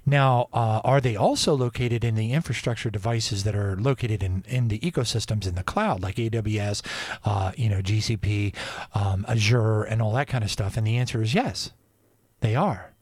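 A man's voice: lowish voice, normal speed, a little mellow, slightly rough, no echo, studio quality. A man hosting a radio show, talking in a rambling, digressive casual monologue.

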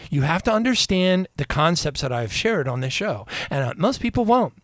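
A man's voice: fairly high pitch, sing-song, moderate pace, dry recording. A man hosting a radio show, delivering a rambling, emphatic, preaching monologue full of repetition.

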